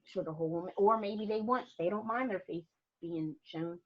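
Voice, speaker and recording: A woman's voice: medium pitch, normal speed, lo-fi sound. A woman photographer chatting as a podcast guest, telling stories with lots of emphasis and frequent laughter. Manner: animated storyteller, laughs often, emphatic. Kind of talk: casual interview chat.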